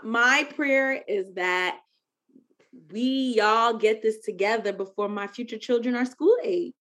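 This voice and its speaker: A woman's voice: a little high, measured pace, fairly bright tone. A woman co-hosting a podcast, chatting casually and joining in with playful, teasing remarks. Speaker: podcast co-host. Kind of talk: casual chat.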